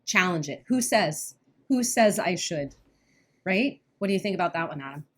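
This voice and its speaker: A woman with a fairly low, expressive, fairly bright voice co-hosts a podcast as a weight-loss coach. She chats casually but earnestly, talking in quick bursts and often laughing nervously when uneasy.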